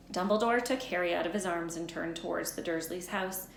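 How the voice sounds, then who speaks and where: A woman teacher reading a chapter book aloud, narrating in an unhurried storytelling way. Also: lowish voice, vocal fry. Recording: roomy echo, faint background noise.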